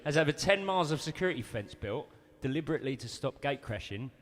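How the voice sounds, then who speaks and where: A man's voice: medium pitch, expressive, fast, fairly bright tone, big-room sound. A man in a band, teasing and playful, chatting enthusiastically on a livestream. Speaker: bass player in a band. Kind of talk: casual banter.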